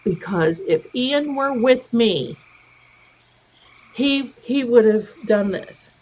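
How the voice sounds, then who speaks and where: This is a middle-aged woman chatting on her livestream and spinning stories, doing voices for the people she quotes. Her voice is fairly high yet darkish and husky, expressive, and unhurried. The audio has a dull, lo-fi stream quality.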